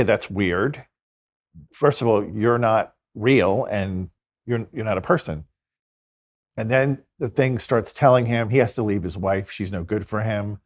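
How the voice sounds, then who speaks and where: A man, a Catholic priest and exorcist, talking earnestly in an interview and telling stories with quoted dialogue. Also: lowish voice. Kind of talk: conversational interview storytelling.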